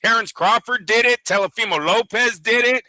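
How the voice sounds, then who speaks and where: Excitable, profane man with a bright voice. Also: very high-pitched, moderate pace, no room sound, low-quality recording. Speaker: boxing show co-host. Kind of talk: casual chat.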